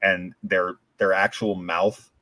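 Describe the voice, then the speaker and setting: A man's voice: low-pitched, level tone, slow pace, pushed and bright. An American man chatting casually as a podcast host, rambling with lots of "like" and restarts. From United States. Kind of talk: casual chat.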